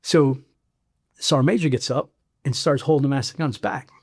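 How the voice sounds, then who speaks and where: A middle-aged man from Chicago, a former Marine sergeant, telling a story in a blunt, animated way. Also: medium pitch, moderate pace. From South Side of Chicago, US. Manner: animated, blunt, acts out quoted voices. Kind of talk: casual storytelling interview.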